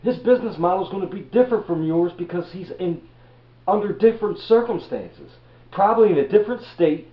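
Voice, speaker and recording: A Baltimore man in his thirties, a reselling vlogger, delivers a blunt, profane motivational rant. His voice is high, lively in intonation, and fairly quick. The audio is dull and lo-fi, recorded in an echoey room.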